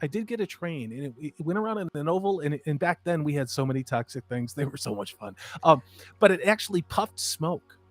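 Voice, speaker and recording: 50s guy hosting a chill stream, high voice, animated stories, dry sound. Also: brisk, no room sound. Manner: animated storyteller, swings loud and soft. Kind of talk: casual chat.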